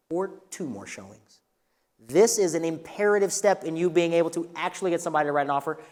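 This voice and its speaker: A man teaching a live real estate workshop in an energetic, coaching way, asking the room questions. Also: high-pitched. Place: training room with a live audience. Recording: long reverb of a hall.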